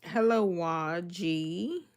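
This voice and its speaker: A woman's voice: on the low side, extremely slow. A young woman from Miami chatting casually on a livestream, reading comments and greeting viewers by name in a laid-back, sassy way. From Miami, Florida. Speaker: livestreaming cooking creator.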